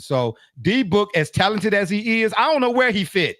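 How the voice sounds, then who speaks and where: A man's voice: high-pitched, lively intonation, brisk, hardly any pauses, fairly bright tone, dry recording, clean studio sound. A middle-aged man co-hosting a sports talk show, emphatic and slangy, laughing often as he argues.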